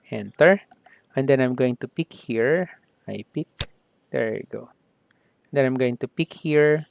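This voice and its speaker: A man teaching a software tutorial step by step, often saying "okay" and "there you go" as he works. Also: fairly high pitch, clean tone. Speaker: software instructor. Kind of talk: screen-recorded software tutorial.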